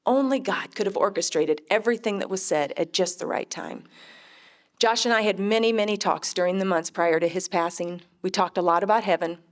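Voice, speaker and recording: A middle-aged woman shares a personal testimony in an earnest, measured voice. Her pitch sits in an ordinary middle range, and she tells her story with heartfelt sincerity. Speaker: mother giving a faith testimony.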